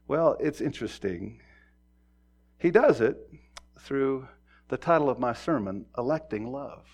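A middle-aged man preaching a sermon in a conversational way, acting out quoted voices and moving from quiet talk to loud emphasis. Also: mid-range voice, animated, unhurried, gravelly, pauses often. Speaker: pastor.

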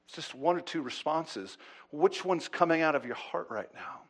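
A man preaching a sermon. His delivery swings between loud, urgent pleading and low, hushed asides, and he often repeats words as he restarts a thought. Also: animated, moderate pace. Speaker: pastor.

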